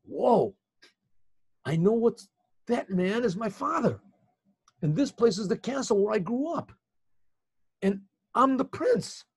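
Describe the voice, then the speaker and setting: A man voicing a young lost prince who slowly recognizes his home, with wondering exclamations. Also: high voice, very animated, gravelly, slightly rough, pitched above the performer's own voice, exaggerated voice. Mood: awed.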